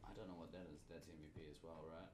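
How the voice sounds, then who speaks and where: A man's voice: deep voice, fairly even intonation, rapid-fire, a little mellow, distant mic. An Australian man hosting a casual podcast, rambling and self-deprecating, often laughing. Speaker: podcast host. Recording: echoey room with crowd noise.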